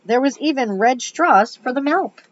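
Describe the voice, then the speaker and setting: A woman's voice: sits high, lively intonation, unhurried. A woman reading a children's book aloud, with chatty asides between passages. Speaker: reader. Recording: dull lo-fi recording.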